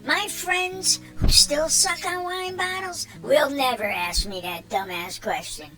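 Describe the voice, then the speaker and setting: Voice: sits high, slow pace, poor audio. A performer voicing a chatty, hyped-up male robot buddy who talks at length and mocks those who pester him. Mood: gleeful. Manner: long-winded, animated, mocking. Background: clear music.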